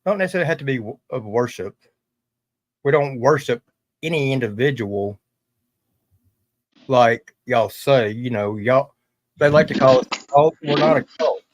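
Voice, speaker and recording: A man hosting a livestream, talking casually in a halting way and often restarting his sentences. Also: medium pitch, expressive, no echo. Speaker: livestream host.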